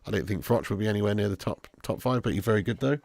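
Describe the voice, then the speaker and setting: A man's voice: fairly low pitch, very fast, gravelly, a little mellow, a little hiss or hum. A man hosting a live football watch-along, chatting casually with his viewers and swearing freely. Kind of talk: live stream commentary and chat.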